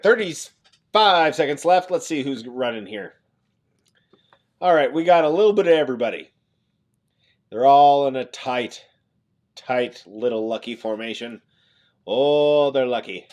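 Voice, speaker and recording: A man's voice: medium pitch, animated, measured pace, pauses often. A man hosting a casual livestream from Nebraska, chatting and joking with viewers as he reads the chat aloud. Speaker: livestream host.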